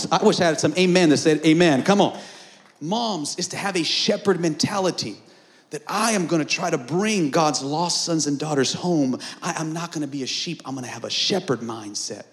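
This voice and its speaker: A male pastor preaching a call-and-response sermon at an outdoor patio service, swinging between shouts and hushed lines. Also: a little high.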